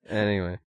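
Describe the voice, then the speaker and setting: A young man co-hosting a podcast in casual, rambling chat, with loose phrasing and casual swearing. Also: high voice. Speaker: podcast co-host.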